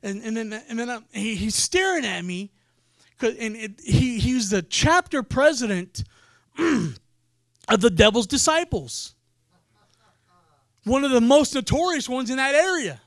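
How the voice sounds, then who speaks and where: A man preaching, telling a story in an animated way and acting out the people in it. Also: very high voice, a little slow, gravelly, long pauses, dry recording, studio quality. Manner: animated storyteller, acts out quoted voices. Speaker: pastor. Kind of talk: sermon storytelling.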